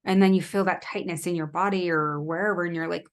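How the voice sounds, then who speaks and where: Reflective woman guest, lowish voice. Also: fairly even intonation, fast talker. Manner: reflective, thoughtful, with fillers. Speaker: podcast guest. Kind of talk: casual interview chat.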